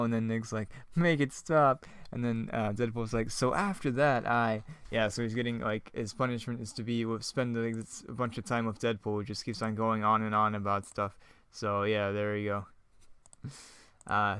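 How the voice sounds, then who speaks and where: A man riffs casually on his own old script, chuckling often and poking fun at it in a loose, rambling way. His mid-pitched voice is smooth and clear. The sound is close and dry. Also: fairly bright tone, dry recording. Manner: laughs often, rambling, self-mocking. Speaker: online video creator.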